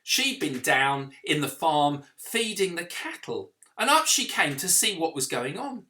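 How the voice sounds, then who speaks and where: A man telling a children's story as a vicar, in an animated way, with sound effects and questions to the listening children. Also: a little high, measured pace.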